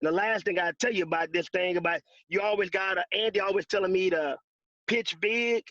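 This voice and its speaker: Man with a high voice, insurance agent sharing closing tips; dry, dull video-call sound. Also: fairly quick, pushed and bright, no echo. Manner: driven, emphatic, repeats key phrases. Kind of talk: motivational sales talk on a video call. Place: secluded room at home.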